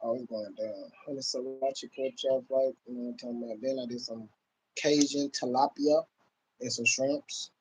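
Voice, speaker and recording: A man's voice: mid-range voice, steady tone, moderate pace, a little mellow, slightly rough, low-quality recording. Laid-back man on a livestream. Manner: laid-back, loose talk, calls out to viewers constantly. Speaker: livestream host. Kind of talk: casual livestream chat.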